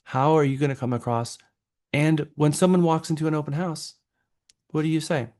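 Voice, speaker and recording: A man's voice: fairly high pitch, fairly even intonation, moderate pace, a little mellow. Encouraging Texan man coaching a class. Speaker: real estate trainer. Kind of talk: classroom training talk.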